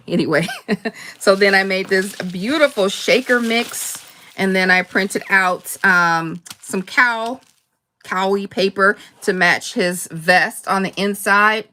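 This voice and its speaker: A woman hosting a casual live crafting chat, rambling warmly between laughs and answering viewer comments. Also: mid-range voice. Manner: chatty and rambling, laughs often, quick asides. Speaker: crafting channel host.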